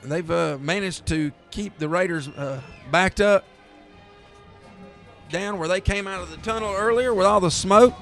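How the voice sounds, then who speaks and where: Southern guy doing high school football play-by-play, high voice, gets loud and hyped on long runs. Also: unhurried, faint music behind. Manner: excitable, rises to near shouting on big plays. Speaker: play-by-play announcer.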